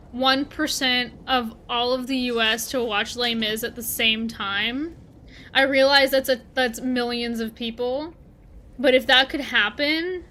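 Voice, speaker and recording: A woman with a high, lively voice chats her way through a game livestream. Her tone is bright and forward, and she rambles from one thought to the next while answering viewers aloud. The talk stays loose and casual. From Canada. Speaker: streamer.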